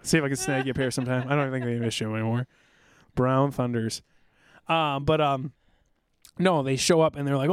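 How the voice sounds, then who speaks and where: Quick-talking veteran guest, rambling war stories, dry close sound. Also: male voice, medium pitch, clean tone, dry recording. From South Dakota, USA. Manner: rambling, animated, acts out drill sergeants. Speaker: podcast guest, military veteran. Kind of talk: casual storytelling chat.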